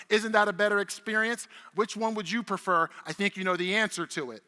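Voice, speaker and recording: Middle-aged male keynote speaker, high pitch, brash and profane, working the room in a big reverberant hall. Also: a little fast, hardly any pauses. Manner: animated, profane, chatty with the audience. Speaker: conference speaker. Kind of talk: energetic keynote talk. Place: large conference hall stage. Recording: long reverb of a large conference hall.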